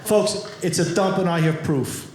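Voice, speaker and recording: A man's voice: high-pitched, normal speed. A man with a New York accent doing stand-up comedy, brashly teasing and quizzing members of the audience. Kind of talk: stand-up comedy with crowd work. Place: comedy club stage before a live audience. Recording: echoey room with loud audience noise.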